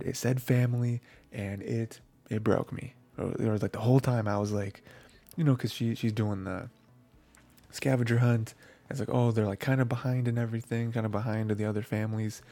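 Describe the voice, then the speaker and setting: A man's voice: mid-range voice, mellow. A man giving a casual, rambling review of anime episodes, full of fillers and restarts.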